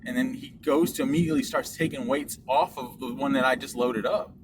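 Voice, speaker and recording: A young man co-hosting a podcast, telling a story in a casual, animated and profane way. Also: mid-range voice, fairly quick, over a noisy crowd. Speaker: podcast co-host. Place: car during a delivery drive. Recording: loud road and ambient noise.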